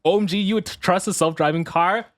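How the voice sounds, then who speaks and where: A man's voice: sits high, brisk, slight background noise. A man streaming casually as a VTuber. He swears, laughs often and rants half-jokingly. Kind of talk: casual live-stream chat.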